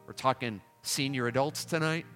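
A man's voice: medium pitch, normal speed, a bit bright, long reverb tail, faint music behind. A man preaching a revival sermon at a camp meeting, fervent and pleading, repeating his appeals. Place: large tabernacle.

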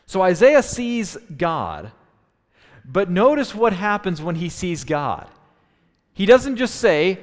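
A man's voice: sits high, sing-song, slow pace. A man preaching a sermon, teaching in a thoughtful tone with frequent restarts. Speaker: pastor. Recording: long hall reverb.

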